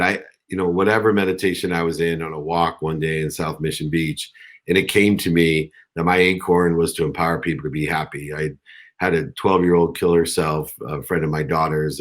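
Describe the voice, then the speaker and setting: A middle-aged man mentoring on a coaching call, talking earnestly and rambling with many restarts. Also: extremely low pitch. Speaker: guest mentor.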